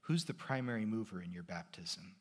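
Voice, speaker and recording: A man preaching a sermon as pastor, talking in a conversational way, rising in pitch and volume to stress points and dropping almost to a whisper on key questions. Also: expressive, fairly quick.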